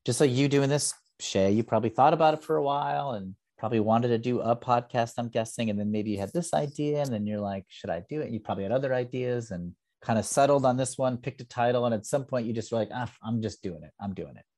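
A man's voice: mid-range voice, quick pace, hardly any pauses, a little mellow. A man who teaches improv, chatting casually as a podcast guest, rambling and self-deprecating with lots of fillers. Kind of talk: casual interview chat.

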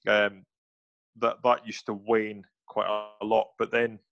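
A man, a former soldier, telling animated anecdotes in a casual interview, slipping into quoted voices and restarting his sentences. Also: on the low side, a little slow, gravelly, dry recording, lo-fi sound.

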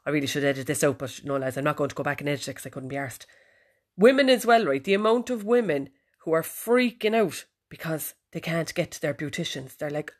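Low-voiced chatty Irish woman. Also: fast. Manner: chatty, cheeky and sweary. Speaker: podcast host. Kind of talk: casual chat. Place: bedroom, sitting on the bed.

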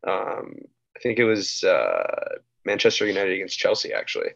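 A man's voice: low-pitched, huge pitch swings, normal speed, gravelly, a bit bright. A laid-back man chatting casually as a podcast co-host, laughing along and often trailing off. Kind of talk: casual chat. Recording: dull, muffled mic.

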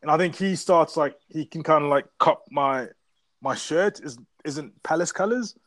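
Guy rambling and swearing through a story, bit high voice, super dry close mic. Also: moderate pace, dry recording. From South Africa. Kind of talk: casual chat.

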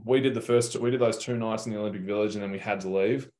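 A man's voice: on the low side, fairly even intonation, fast, a little mellow. A young Australian man telling stories in a casual interview, laid-back and slangy with plenty of swearing. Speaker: guest basketball player.

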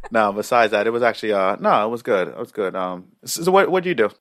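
A young man co-hosting a casual podcast, his voice swinging up and down with animated energy as he jokes and breaks into laughter. He sounds close and dry, with no room echo, in an easy, playful back-and-forth. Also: fairly low pitch, fast talker. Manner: laughing, joking, playful teasing. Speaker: podcast co-host. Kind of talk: casual chat.

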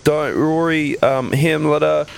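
A man voicing a small but bold male hero in a tabletop game, with a slow drawl. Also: fairly high pitch, steady tone, gravelly, a little hiss or hum. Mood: laid-back. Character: tiny bold male hero, laid-back.

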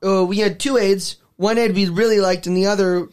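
High-voiced young man joking around. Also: steady tone, a little fast, darkish tone, clean tone. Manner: joking, self-mocking. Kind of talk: casual chat among friends.

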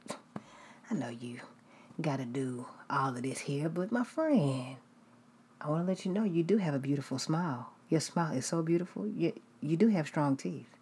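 A woman voicing a kindly female dentist who speaks softly and keeps coaxing her patient. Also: deep voice, expressive, normal speed, slight background noise. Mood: soothing. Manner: soft, coaxing, repeats "my friend".

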